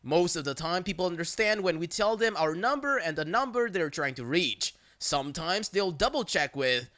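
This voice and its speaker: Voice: medium pitch, lively intonation, moderate pace, hardly any pauses, fairly bright tone. A narrator reading an internet story aloud in a dry, matter-of-fact way.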